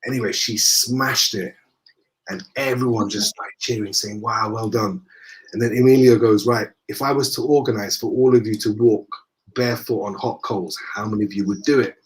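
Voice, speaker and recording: A man with a Northern English accent, a guest in a conversation, telling lively anecdotes and acting out the dialogue. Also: lowish voice, moderate pace. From northern England. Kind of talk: casual storytelling in conversation.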